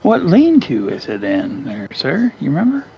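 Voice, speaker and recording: A man chatting with fellow players in a game, firing off quick questions. His voice runs high with wide swings and a gravelly edge, and a faint hum sits beneath it. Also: wildly swooping pitch, mellow, poor audio. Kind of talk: casual voice chat during a game.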